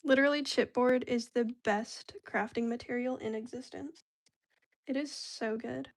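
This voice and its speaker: A woman talks through her crafting in a loose, rambling vlog, her voice sitting a little on the high side. She chats freely and leans on slang as she goes. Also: fairly even intonation, moderate pace. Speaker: craft vlogger. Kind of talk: casual chat while crafting.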